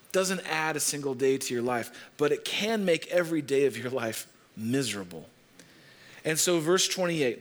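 A man preaching a sermon, telling stories and repeating phrases slowly for emphasis. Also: a little high, a bit bright. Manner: storytelling preacher, leans on repetition and slows down for emphasis. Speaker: pastor.

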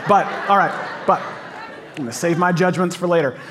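A man preaching in a church with a noticeably high voice for a man. He talks to the congregation in a chatty, upbeat way and laughs often. His sermon feels like friendly conversation. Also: moderate pace, fairly bright tone, a faint crowd, slight background noise. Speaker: pastor. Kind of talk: casual sermon to a live congregation. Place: church auditorium.

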